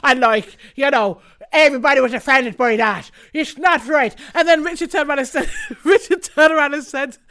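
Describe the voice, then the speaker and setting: Young woman, podcast co-host, brash teaser, bright tone. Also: high-pitched, moderate pace, few pauses. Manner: brash, teasing, swears freely. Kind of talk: casual chat.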